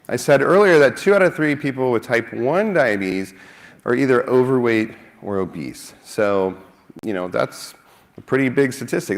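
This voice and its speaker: A man speaking at a conference, joking and self-mocking, a little out of breath. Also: medium pitch. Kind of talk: lively conference talk with jokes. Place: conference hall.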